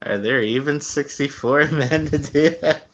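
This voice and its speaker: A man's voice: a little high, measured pace. A man co-hosting a podcast who laughs often and throws in short dry quips. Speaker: podcast co-host. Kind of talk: casual podcast chat. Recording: dull lo-fi mic with faint noise.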